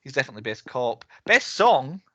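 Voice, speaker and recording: A man co-hosts a relaxed podcast about films, chatting loosely and breaking into laughter between points. His voice is bright and forward, and it sounds dry and close, with no room around it. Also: medium pitch, fairly quick, dry recording, muffled recording. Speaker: podcast co-host. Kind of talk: casual film chat.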